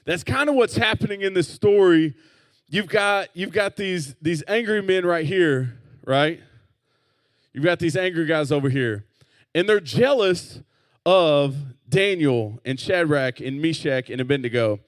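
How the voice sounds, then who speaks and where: A man, a youth pastor, teaching a Bible story to teenagers in a relaxed, conversational way and getting them to repeat words back. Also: on the high side, a little slow, no echo. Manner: casual, leads call-and-response with the group. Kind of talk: youth group Bible lesson.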